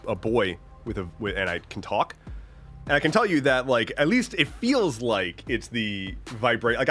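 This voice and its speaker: A young man with a deep voice hosts a livestream, chatting about how he's recovering from being sick. He rambles and restarts sentences often, and his pitch swings widely as he talks. Faint music plays underneath. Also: pushed and bright. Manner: rambling, self-interrupting, lots of "like" and restarts. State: getting over an illness, slight cough. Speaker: livestream host. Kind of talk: casual chat reading viewer comments.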